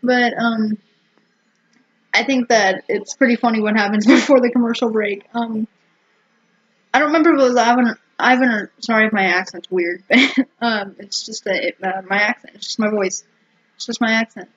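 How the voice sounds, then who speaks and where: A woman's voice: fairly high pitch, fairly even intonation, normal speed, fairly bright tone, slightly rough. A woman vlogger chatting casually to camera, rambling and giggling with lots of fillers and restarts. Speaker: vlogger reviewing a TV episode. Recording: dull lo-fi home recording.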